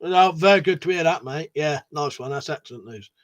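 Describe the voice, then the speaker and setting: A man's voice: fairly high pitch, fairly quick. A man hosting a casual livestream, reading viewer messages aloud and chatting back in a matey way, swearing freely. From United Kingdom. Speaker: livestream host.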